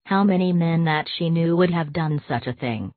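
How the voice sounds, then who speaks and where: A woman giving a measured, expressive audiobook reading of a classic short story. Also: low voice, no echo. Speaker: audiobook narrator. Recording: tinny, dry, phone-like sound.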